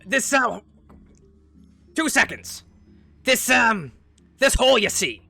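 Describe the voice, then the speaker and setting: A man's voice: very high-pitched, very animated, slow pace, gravelly, sharp tone, no room sound, faint music behind, full character voice. A man voicing an odd male necromancer who rambles and halts with ums. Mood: puzzled.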